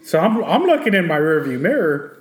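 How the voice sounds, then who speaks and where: Animated, profane man telling a story. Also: fairly high pitch, fairly quick, echoey room. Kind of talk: casual chat, storytelling.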